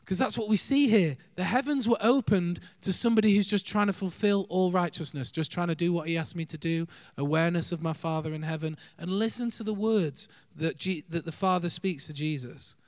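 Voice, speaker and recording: Male preacher, mid-high register, earnest sermon delivery, dry close recording. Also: brisk, hardly any pauses, dry recording. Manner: earnest, varies pace and volume for emphasis, laughs lightly.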